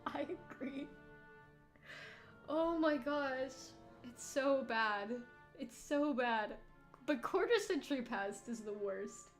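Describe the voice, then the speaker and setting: Young woman, high voice, giggling, exasperated game commentary, faint music behind. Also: lively intonation, slow pace. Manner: giggly, exasperated, laughing through her words. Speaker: streamer.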